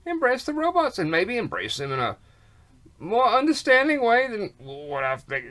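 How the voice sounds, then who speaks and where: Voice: medium pitch, huge pitch swings, normal speed, sharp tone. A vlogger in a rambling monologue who repeats words, breaks into rhyming wordplay and folksy slang, and sounds snotty with a cough.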